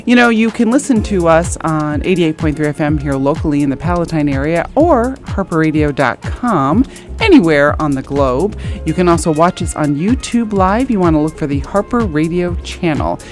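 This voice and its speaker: Lively, low-voiced chatty woman co-host. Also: normal speed, soft background music. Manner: animated, chatty, laughs often. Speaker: radio show co-host. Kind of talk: casual chat. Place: college radio studio.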